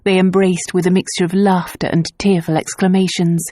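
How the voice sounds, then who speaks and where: Warm low-voiced woman narrating. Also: little pitch movement, moderate pace, no echo, studio quality. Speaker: audiobook narrator. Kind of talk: scripted narration.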